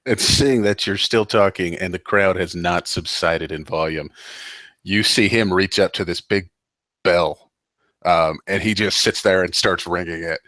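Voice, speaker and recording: A man's voice: sits low, unhurried, fairly bright tone, dry recording. A man narrating as game master, rambling with lots of fillers and restarts.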